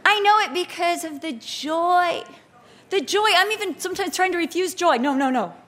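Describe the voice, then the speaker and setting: A woman preaching a sermon, telling stories with lively acted-out quotes. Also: extremely high pitch, moderate pace. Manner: animated, expressive storytelling with acted-out quotes.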